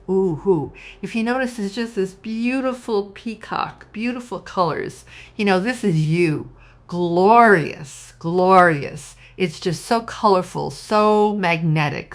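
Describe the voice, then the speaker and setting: A woman's voice: mid-range voice, slow pace. A woman giving a casual, emotional tarot reading, gushing and talking straight to her viewers. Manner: warm, gushing, emotional, addresses viewers as "you guys". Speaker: tarot reader.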